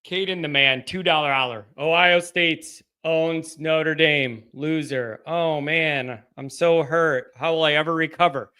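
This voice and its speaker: A man hosting a live call-in fan show, talking in a subdued, halting way with frequent restarts as he reads out donations. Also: on the high side, steady tone, pushed and bright, clear, resonant tone. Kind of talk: casual live-stream chat, reading donations.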